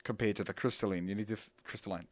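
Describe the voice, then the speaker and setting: A man's voice: on the low side, steady tone, rapid-fire, dry recording. Rambling, self-amused man gaming. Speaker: gameplay video host. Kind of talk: casual let's-play commentary. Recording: dull lo-fi audio with faint game music.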